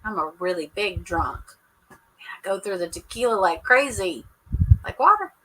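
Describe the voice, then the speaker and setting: Woman, sassy livestream chatter, bright sharp tone, lots of laughing. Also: on the low side, moderate pace, poor audio. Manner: sassy, joking, laughs often, talks to chat. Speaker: livestream host recapping a reality show. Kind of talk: casual live chat with viewers.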